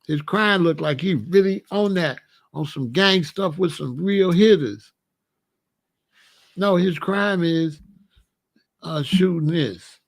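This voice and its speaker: Gravelly slightly high guy ranting casually, lots of slang, doing little voices. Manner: animated, slangy, acts out quoted voices. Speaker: commentator. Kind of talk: casual commentary.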